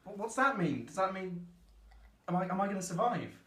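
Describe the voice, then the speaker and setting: A man's voice: sits high, very animated, fairly quick, a bit bright. Man playing a flustered hiccuping young guy. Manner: flustered, stammering. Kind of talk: stage sketch acting. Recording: echoey stage from a distance.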